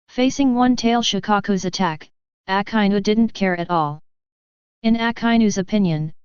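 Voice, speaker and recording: A woman narrating a fan fiction audiobook in a steady, even reading. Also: medium pitch, smooth, no room sound. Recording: dull lo-fi audio.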